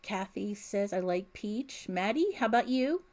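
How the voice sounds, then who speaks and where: A middle-aged woman chats through a home crochet livestream, reading viewer comments aloud. She talks slowly and easily, her voice mellow and soft-edged. A plain desk mic picks her up at home. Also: medium pitch, lively intonation. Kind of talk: casual livestream chat. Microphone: desk mic picking up room sounds.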